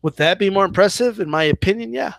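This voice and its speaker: A man's voice: high-pitched, fast, vocal fry, fairly bright tone, no echo. A man hosting a casual live Q&A about boxing, chatty and loose, full of "like" and "right?" as he answers viewer questions. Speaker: boxing channel host.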